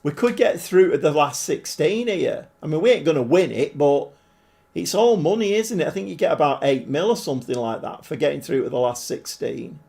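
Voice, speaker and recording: A man's voice: on the high side, expressive, fairly quick, vocal fry, dark tone. A man casually commentating while live-streaming a football management game and chatting with viewers, swearing mildly along the way. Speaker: game livestreamer.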